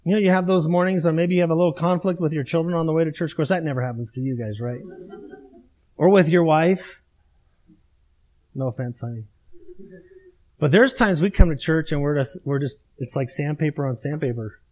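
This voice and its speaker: Male preacher, middle-aged, high voice, emphatic, repetitive sermon cadence. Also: fast, a little mellow. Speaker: pastor.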